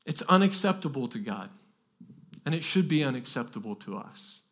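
A man's voice: medium pitch, very animated, normal speed, a bit bright. A pastor preaching a sermon, earnest and emphatic, often repeating words and pushing his voice up to stress key phrases.

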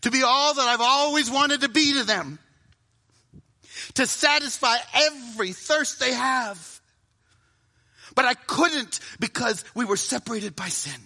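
A middle-aged man preaching a sermon to a live audience, dramatic, often dropping to a hushed voice for emphasis and acting out inner voices. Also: extremely high pitch, measured pace, vocal fry, pauses often.

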